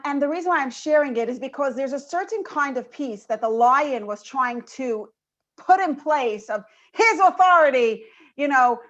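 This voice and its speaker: A woman with a high voice leads a women's panel, talking informally and animatedly about Torah ideas. The audio has the dull, lo-fi sound of a video call. She tells her points like a storyteller. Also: fairly bright tone. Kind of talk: informal Torah talk with a joke.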